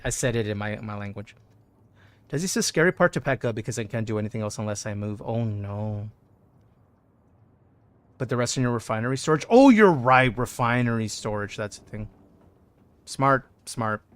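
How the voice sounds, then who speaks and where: A man streaming a game live, chatting excitedly and answering messages from his chat. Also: mid-range voice. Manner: excitable, chatty, keeps saying "dude". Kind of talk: casual live gameplay commentary.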